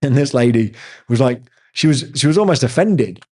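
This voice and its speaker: A man's voice: medium pitch, expressive, normal speed, dark tone, slightly rough. A man, hosting a casual live chat with viewers and telling rambling stories. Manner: rambling, chatty storyteller. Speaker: host answering viewer chat.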